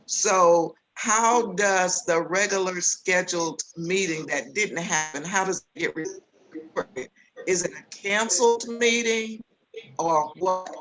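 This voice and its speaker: A woman's voice: on the low side, takes it slowly, a crowd in the background, poor audio. A woman commissioner at a public board meeting, raising careful procedural questions.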